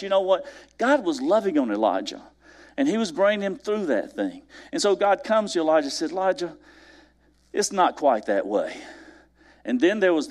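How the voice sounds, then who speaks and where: A man preaching a sermon, talking straight to his congregation and dropping from raised emphasis to soft, hushed lines. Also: on the high side. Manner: wide swings from raised emphasis down to soft near-whispers; conversational, addresses the congregation directly. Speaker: pastor.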